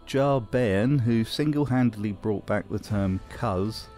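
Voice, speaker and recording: A man narrates a video essay with dry, wry humour. His voice sits on the low side. Soft music plays underneath. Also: slow pace. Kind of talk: scripted narration.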